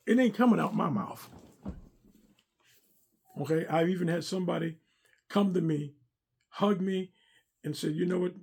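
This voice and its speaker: A middle-aged man gives a heartfelt testimony with a gravelly, slightly husky voice. His tone is mellow and warm. He talks in an earnest, preacherly way and keeps coming back to the same points. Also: fairly high pitch. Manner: earnest, preacherly, repeats himself. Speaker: former armor bearer and driver to a pastor. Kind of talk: personal testimony talk.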